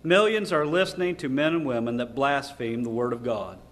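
A man's voice: mid-range voice, moderate pace. A man preaching a sermon at a lecture series, emphatic, asking the audience rhetorical questions and quoting scripture. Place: lecture hall.

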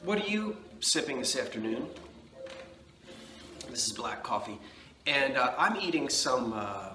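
A man's voice: medium pitch, sing-song, unhurried, long pauses, bright, forceful tone, roomy sound, faint music behind. A man from New Jersey with a New Jersey accent, chatting casually to camera from his living room. He rambles with folksy asides and sounds a bit nasal from allergies. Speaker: vlogger, antiques seller.

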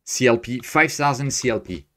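A man's voice: mid-range voice, animated, moderate pace, a bit bright. A man hosting a live astrophotography stream, thinking aloud as he works and cheerfully answering viewers' chat. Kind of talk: live-stream screen tutorial, reading chat. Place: home desk, Tokyo.

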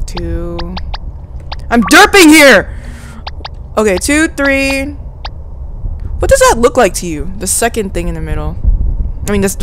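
Lively-voiced young woman chatting through a game. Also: medium pitch, a little hiss or hum. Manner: chatty, talks to herself, easily startled. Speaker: let's play host. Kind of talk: casual gameplay commentary.

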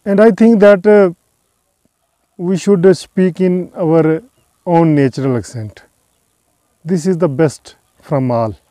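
Hesitant man speaking slowly with fillers. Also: a little high, dark tone, no echo. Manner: hesitant, frequent "uh" fillers, slow and careful. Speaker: English teacher vlogger. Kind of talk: casual talk to camera.

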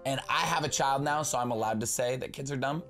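A young man giving casual comedic commentary as a YouTuber, excitable, swearing freely and laughing often. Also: medium pitch, fast talker, faint music behind. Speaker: YouTuber reacting to online posts.

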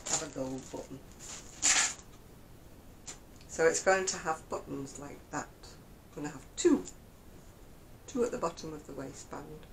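A woman's voice: low voice, slight background noise, low-quality recording. An older woman chatting casually about her knitting in a rambling, self-deprecating way. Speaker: craft vlogger. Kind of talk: casual knitting chat to camera.

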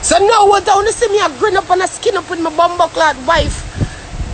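Loud, swearing Jamaican man ranting. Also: extremely high pitch, moderate pace, slight background noise. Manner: loud, swearing, animated rant with frequent asides to the listener. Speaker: vlogger. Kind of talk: ranting year-in-review vlog in patois.

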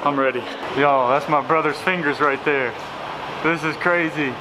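A young man with a Southern American accent from Tennessee, talking excitedly to camera as a travel vlogger and calling his viewers y'all. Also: fairly high pitch, moderate pace. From Chattanooga, Tennessee, USA. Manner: upbeat, keeps addressing viewers as y'all. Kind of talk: excited casual vlog narration to camera. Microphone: handheld camera mic. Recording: noisy outdoor and travel background.

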